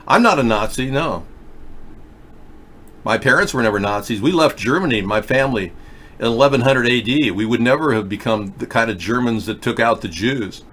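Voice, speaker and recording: A man's voice: medium pitch, moderate pace, fairly bright tone. A man hosting a live call-in talk show, rambling and conspiratorial as he talks to callers. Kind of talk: rambling live-stream commentary.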